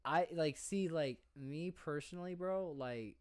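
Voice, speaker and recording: A man's voice: fairly high pitch, unhurried, clear, resonant tone. A young man co-hosting a casual podcast, tipsy, rambling with lots of fillers, restarts and swearing. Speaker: podcast co-host. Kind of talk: casual drunk chat.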